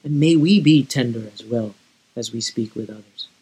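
A male pastor delivers a sermon in an earnest, pleading way, stumbling and restarting his phrases as he goes. His voice is husky and a little breathy, sitting at an ordinary middle pitch. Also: moderate pace, mellow, poor audio.

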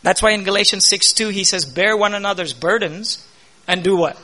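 Male preacher, high bright voice, call-and-answer delivery that swells on key points. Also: a little fast. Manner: asks the congregation questions and answers them himself; emphatic, rising loud on key points. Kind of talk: sermon.

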